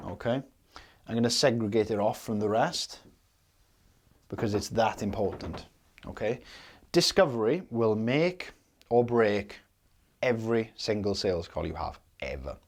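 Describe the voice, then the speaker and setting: A man in his younger years talks through a sales method as a coach. His voice sits fairly low. He keeps it casual and explanatory, checking in with "okay?" after each point. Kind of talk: instructional talk to camera.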